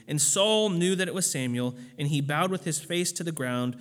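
Casual preacher with a high voice. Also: male voice, animated, moderate pace, fairly bright tone, big-room sound. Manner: casual and conversational with frequent fillers, swelling to emphatic peaks. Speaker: pastor. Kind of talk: sermon.

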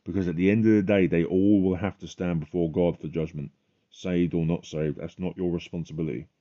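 Male podcaster, booming low voice, preaches with fervent emphasis; muffled home recording. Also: fairly even intonation, fairly quick, warm tone. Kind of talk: religious testimony monologue.

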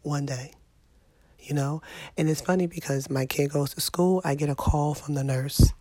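A woman's voice: deep voice, steady tone, moderate pace, mellow, no echo. Sick, exasperated woman venting to viewers. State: sick with a sinus infection. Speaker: vlogger. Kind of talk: casual vlog monologue.

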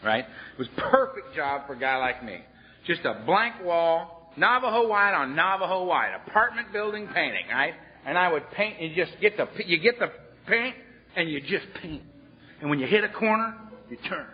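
A man with a fairly high voice tells stories at a recovery workshop in an animated, blunt way. His words are salty and plain. The recording sounds dull and lo-fi. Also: normal speed. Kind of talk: storytelling talk. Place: workshop room.

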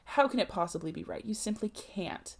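A woman's voice: medium pitch, animated, fairly quick, creaky, husky. A woman reading a novel aloud, voicing a proper young married woman who coaxes and frets over her cousin. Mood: shocked. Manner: fussy, coaxing, shocked.

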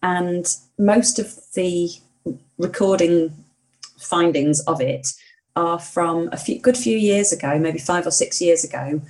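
Chatty woman, lowish voice. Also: darkish tone. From England. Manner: enthusiastic, laughs often, asks rapid questions. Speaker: podcast co-host, hedge witch. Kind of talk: casual chat.

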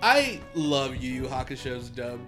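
A man co-hosting a podcast in casual chat, animated and laughing often as he quotes lines. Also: medium pitch, unhurried, soft background music. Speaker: podcast co-host.

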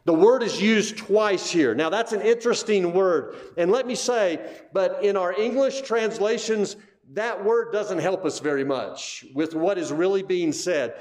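Male pastor, bit higher pitch, emphatic teaching tone, rhetorical questions. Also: a little slow, darkish tone. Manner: emphatic, repeats key phrases, asks the listeners questions. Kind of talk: expository Bible teaching.

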